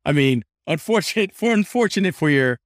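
A man's voice: on the high side, lively intonation, a little fast, no room sound, clean studio sound. A man co-hosting a podcast, chatting casually, tagging on "right?" and swearing now and then. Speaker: podcast co-host.

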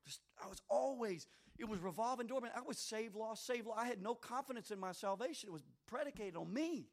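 A man preaching a sermon, swinging between shouted fervor and quiet, folksy asides to his listeners. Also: high voice, lively intonation, fairly quick, few pauses. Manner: addresses listeners directly, folksy.

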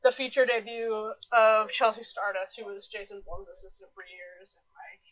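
A woman's voice: medium pitch, steady tone, moderate pace, a bit bright, low-quality recording. A young woman co-hosting a casual film podcast, laid-back and chatty, laughing often and swearing offhandedly. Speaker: podcast co-host. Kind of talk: casual film discussion chat.

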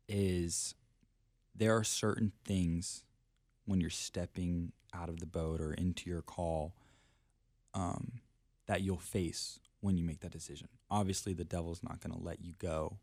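A young man with a low, deep voice tells a personal story on a faith podcast. He is earnest and casual, peppering his speech with "like" and "literally". The recording is dry and close. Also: steady tone, unhurried, vocal fry, darkish tone, dry recording. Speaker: guest, traveling preacher.

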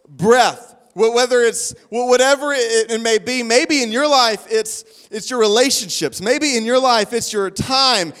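Male pastor, high voice, passionate repetitive sermon delivery, long hall echo. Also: fairly bright tone. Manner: impassioned, rhythmic preaching with repeated phrases and restarts. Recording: long reverb of a large hall.

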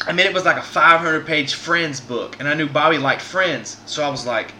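A man's voice: on the high side, brisk, few pauses, bright, forceful tone, a little hiss or hum. A man hosts a podcast. He tells a long personal story in a casual, earnest way and often restarts his sentences. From Southern United States. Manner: earnest, rambling, many restarts. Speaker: podcast host.

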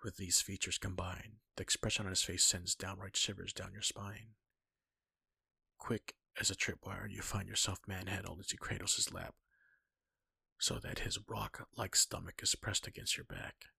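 A man reading a second-person fan-fiction story aloud in a husky, breathy, intimate voice. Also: sits low, fairly even intonation, moderate pace, pushed and bright, no room sound.

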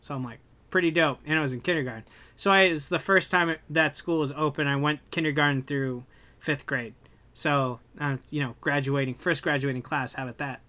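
A young man in casual podcast chat, animated and ranting, swearing freely as he rants. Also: on the high side, a little fast. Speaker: podcast co-host.

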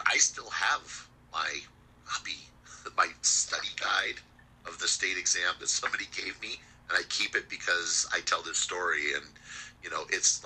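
A man's voice: low-pitched, bright, forceful tone, slightly rough, poor audio. A man teaching an EMT review class in a chatty way, quizzing his students. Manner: chatty, asks the class questions. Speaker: EMT instructor.

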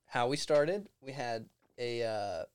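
A young man from Virginia chatting as a podcast guest, relaxed and hesitant with many ums. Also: medium pitch, slow, clean tone, no echo. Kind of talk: casual interview chat.

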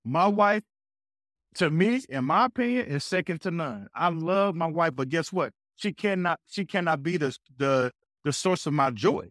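A man guesting on a podcast, telling a personal faith story with an energetic, preacher-like delivery. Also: on the high side, normal speed, dry recording, clean studio sound. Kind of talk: casual faith talk.

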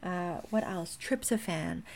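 A chatty woman with a mixed South African accent, talking casually to her viewers. Her voice sits a little low, and she rambles along with plenty of ums and small restarts. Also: takes it slowly, vocal fry. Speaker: wellness content creator. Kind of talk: casual vlog talk.

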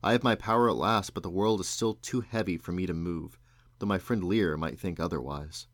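A dad voicing a wry, rueful magician. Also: male voice, deep voice, no echo, studio quality. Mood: wistful. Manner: brisk and sharp, then wistful.

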